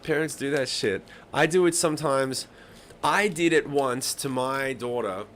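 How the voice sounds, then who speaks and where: A man's voice: medium pitch, unhurried, a little hiss or hum. A man, telling stories in a casual live-stream chat and acting out the voices of the people in them. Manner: animated storyteller, swears a lot, acts out voices. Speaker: host of a live songwriting stream.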